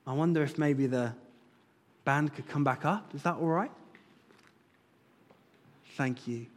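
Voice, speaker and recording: Speaking a little slowly in a slightly high voice, a pastor gives an earnest sermon that climbs toward fervent appeals. The church sanctuary adds a long hall reverb.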